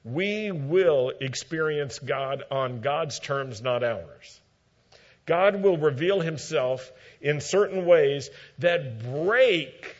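Slow-preaching man, muffled recording. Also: mid-range voice. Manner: measured teaching with dramatic quoted lines. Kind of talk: sermon.

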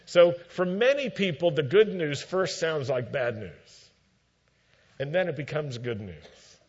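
A man delivering a sermon at an unhurried, deliberate pace. He teaches steadily and leans into quoted lines for emphasis. The recording sounds dull and a little lo-fi. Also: on the high side, lively intonation, breathy edge. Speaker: preacher.

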